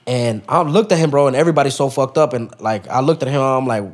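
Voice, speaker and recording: A man's voice: mid-range voice, fast. A young man, a podcast guest, telling a story in casual street slang, full of profanity and acted-out quotes.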